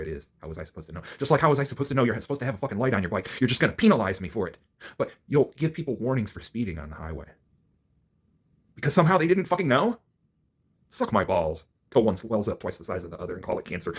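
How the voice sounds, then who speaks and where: A man with a husky, slightly rough voice tears through a fast, profane rant. His pitch leaps and drops constantly, and he swings from low grumbling mutters to loud outbursts. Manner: angry, profane, swings from mutters to near-shouts. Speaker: vlogger ranting to camera.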